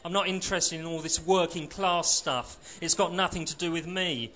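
A man voicing a surly, combative young male skinhead with rough, mocking working-class speech. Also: a little high, steady tone, normal speed, sharp tone. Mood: angry.

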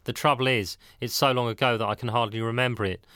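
A scheming writer and band manager, coaxing and calculating, with a bright crisp tone. A man narrating gives him lines in a dry, close recording. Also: mid-range voice, steady tone, quick pace, no room sound, natural voice.

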